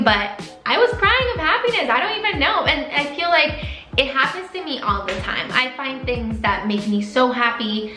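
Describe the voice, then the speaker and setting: A woman's voice: a little high, bright, forceful tone. Emotional young woman vlogging in an echoey room. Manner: emotional, openly tearful at times; chatty with many likes and restarts. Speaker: veterinary student vlogger. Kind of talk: personal vlog talking to camera.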